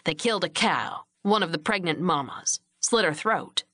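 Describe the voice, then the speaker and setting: A woman doing a gruff stern rancher father. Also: lowish voice, lively intonation, normal speed, fairly bright tone, dry recording, studio quality. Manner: curt, commanding.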